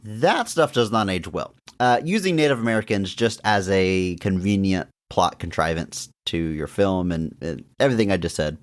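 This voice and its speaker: Young guy on a movie podcast, lowish voice, laughs a lot, gets excited and jumps up in pitch. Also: normal speed, hardly any pauses. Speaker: podcast co-host. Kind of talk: casual movie review chat.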